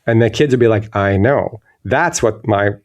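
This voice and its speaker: A man's voice: on the low side, fairly quick. A man speaking as a guest in an interview, thoughtful and searching, often restarting his sentences. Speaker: guest illustrator. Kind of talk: reflective interview talk.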